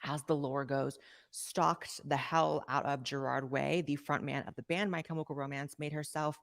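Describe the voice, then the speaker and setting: A narrator reading a scripted commentary video in a brisk, sardonic manner. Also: mid-range voice, fairly even intonation, gravelly, a bit bright.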